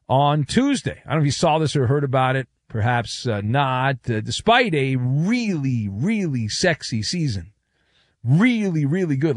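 A man hosting a casual sports talk show, sarcastic and animated, who acts out the exchanges he quotes. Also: on the high side, no room sound, clean studio sound. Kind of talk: casual sports commentary monologue.

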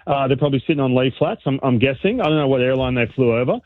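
An Australian man, a baseball analyst calling in as a guest, chatting in a lively way with frequent restarts over a tinny phone line. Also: mid-range voice, very fast, no echo. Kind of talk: casual sports radio chat.

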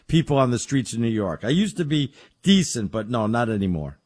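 A middle-aged man co-hosting a casual sports talk show, telling stories with excitable energy. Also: mid-range voice, brisk, slightly rough. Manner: animated storyteller, excitable. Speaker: co-host.

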